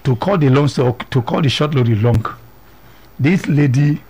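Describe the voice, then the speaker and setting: Guy hosting a talk show, husky voice, super lively pitch, does all the voices in his stories. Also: normal speed. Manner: acts out every character in the story, jumping high in pitch. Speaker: radio show host. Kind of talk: animated storytelling on a talk show.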